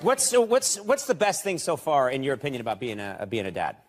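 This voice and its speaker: A man's voice: medium pitch, huge pitch swings, fairly quick, over a noisy crowd. A man hosting a talk show, asking questions in a dry, self-mocking way. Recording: loud studio audience, noisy.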